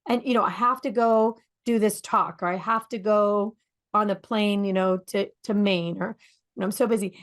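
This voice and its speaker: A woman co-hosting a radio talk show, talking in a lively storytelling way and asking her listeners rhetorical questions. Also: mid-range voice, normal speed. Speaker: podcast co-host.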